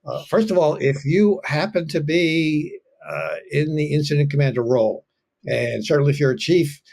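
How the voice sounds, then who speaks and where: A man who serves as a fire officer, a guest in an interview, speaking calmly with halting restarts. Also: mid-range voice. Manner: calm and measured, with halting restarts. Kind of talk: casual interview talk.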